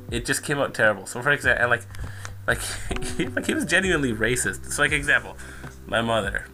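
A young man in casual chat, telling a story in an animated way and laughing often. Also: medium pitch.

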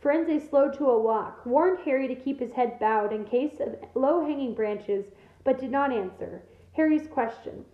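A woman's voice: high voice, moderate pace, echoey room, phone-quality sound. Woman teacher reading aloud in a classroom. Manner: steady, expressive storytelling.

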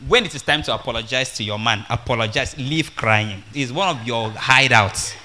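A man preaching an animated, humorous sermon to a congregation. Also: mid-range voice, normal speed. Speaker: evangelist.

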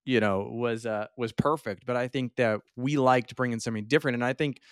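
A man's voice: mid-range voice, fairly even intonation, brisk, smooth, no echo, clean studio sound. A man hosting a casual podcast interview, who laughs often and hesitates with many fillers. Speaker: podcast host.

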